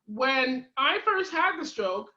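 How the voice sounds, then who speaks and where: A woman hosting an interview, talking in a halting, hesitant way with fillers. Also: high-pitched, big pitch swings, bright, forceful tone, highs cut off. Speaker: host. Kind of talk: casual interview chat.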